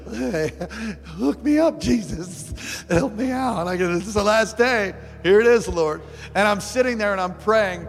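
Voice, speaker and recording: A preacher man with a somewhat high voice delivers a lively storytelling sermon, acting out the people in his story and breaking into shouts. He is recorded live in a big church hall, with long reverb trailing his words and clear music playing underneath. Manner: animated, acts out quotes, bursts into shouts. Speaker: pastor.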